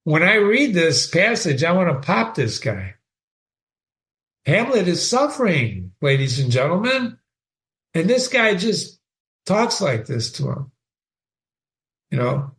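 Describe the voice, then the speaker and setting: A man with a fairly high voice teaching literature in an informal lecture. He talks in an emphatic, chatty way and repeats phrases to drive his points home. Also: lively intonation, measured pace.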